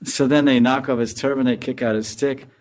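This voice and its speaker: A man giving a storytelling sermon as a spiritual teacher, animated and laughing as he tells it. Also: mid-range voice, fairly quick. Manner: animated, laughs while telling.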